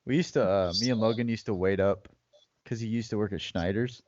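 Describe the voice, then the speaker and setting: A man's voice: on the low side, fairly quick, darkish tone, no echo. Laid-back swearing guy. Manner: laid-back, profane, drawling reminiscing. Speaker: podcast co-host. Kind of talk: casual chat. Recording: dry dull lo-fi podcast audio.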